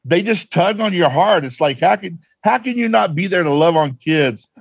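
A man's voice: sits high, lively intonation, moderate pace, vocal fry, breathy edge, no room sound, highs cut off. A man who plays Santa, telling earnest, heartfelt stories as a guest in a casual interview.

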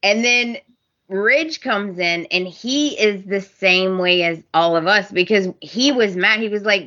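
Woman, podcast co-host, bright tone, animated recap, muffled lo-fi audio. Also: medium pitch, measured pace. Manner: animated, acts out characters' lines. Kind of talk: casual soap opera recap chat.

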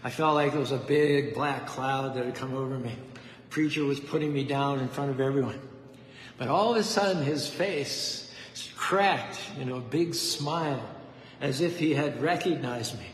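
A man's voice: mid-range voice, moderate pace. A man preaching a devotional sermon with fervent, rhythmic repetition and a story. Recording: echoey hall with faint ambience.

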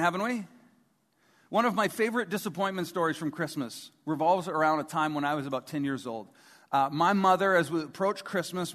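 A man's voice: high-pitched, fairly bright tone. Male pastor preaching in a reverberant hall. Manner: conversational preaching with rhetorical questions. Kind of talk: sermon. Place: large church hall before a congregation. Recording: long reverb of a large hall.

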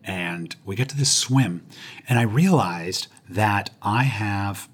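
A man with a husky voice sits in as an interview guest and tells his own story with humor. His voice sits on the low side, and he lands his punchlines with self-mocking timing. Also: slow pace. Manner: self-deprecating, punchline delivery.

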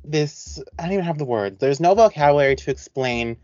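A man co-hosting a podcast in casual chat, talking in an animated, rambling way with many restarts. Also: on the high side, a little fast, no echo, dull audio. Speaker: podcast co-host.

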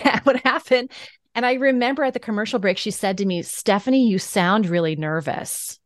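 Woman voice coach, podcast guest, mid pitch, dry close mic, upbeat teacherly delivery. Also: no echo. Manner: animated, laughs often, coaching tone. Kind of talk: podcast interview answers.

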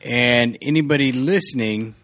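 A man's voice: medium pitch, moderate pace, fairly bright tone. Laid-back rambling man on a podcast. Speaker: podcast co-host. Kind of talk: casual movie podcast chat.

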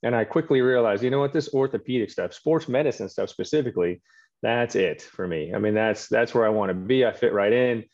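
A middle-aged man tells career stories quickly and with self-deprecating humor. His voice sits in a middle pitch, and the recording sounds slightly muffled. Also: darkish tone. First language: French. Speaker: guest, orthopedic surgeon. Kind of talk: casual interview chat.

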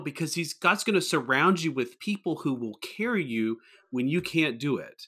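A man's voice: fairly high pitch, expressive, a little slow, fairly bright tone, husky. A man, a pastor, talking earnestly in a casual podcast conversation, often restarting his sentences. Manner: earnest, rambling with many restarts.

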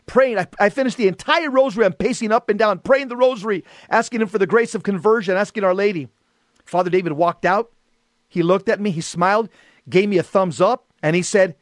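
A man's voice: sits high, dry recording, clean studio sound. A middle-aged man giving an earnest, emphatic personal testimony about faith. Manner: earnest, emphatic, rises to shouting in quoted exchanges. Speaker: Catholic lay speaker.

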